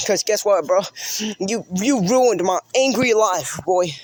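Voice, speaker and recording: A man's voice: high-pitched, normal speed, a little mellow, no room sound. A man delivering a rambling, profane improvised roast, repeating himself and taunting. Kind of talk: improvised insult rant.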